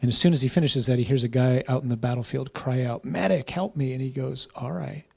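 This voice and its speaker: A man's voice: mid-range voice, little pitch movement, fast, a little mellow, husky. A man, a parish priest, teaching a class in an informal conversational way, often checking in with "right?" and "huh?".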